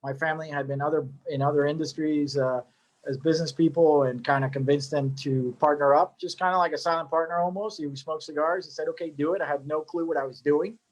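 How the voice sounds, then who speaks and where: A man's voice: on the high side, fairly even intonation, brisk. A middle-aged man casually telling his story as a cigar maker, rambling with joking asides and lots of fillers.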